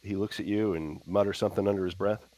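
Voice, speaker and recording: Hesitant male tabletop player, low voice, halting delivery. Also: steady tone, dark tone, dry recording. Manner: hesitant, many fillers. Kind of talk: tabletop role-play.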